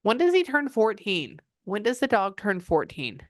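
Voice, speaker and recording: A woman's voice: mid-range voice, sing-song, normal speed, no room sound, studio quality. A woman psychic medium giving a client reading, chatting and often quoting the spirit's messages.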